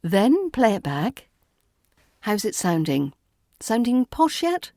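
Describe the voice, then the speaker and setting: A woman's voice: medium pitch, sing-song, takes it slowly, long pauses, warm tone, dry recording, clean studio sound. A woman with a British RP accent, teaching pronunciation as an accent coach in a playful, dryly witty scripted voice-over, whispering some of her sound demonstrations.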